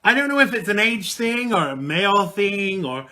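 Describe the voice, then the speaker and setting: A man's voice: high-pitched, big pitch swings, normal speed, sharp tone. A man around forty hosting a live call-in radio show, chatting casually and rambling with lots of ums and restarts. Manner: rambling, with many fillers and restarts. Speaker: radio talk show host.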